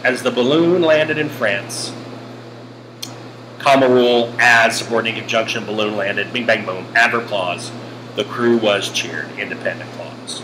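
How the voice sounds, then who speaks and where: A man teaching a grammar lesson over slides, animated and joking with exclamations. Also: medium pitch, a little slow. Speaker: English teacher. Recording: air conditioning hum behind.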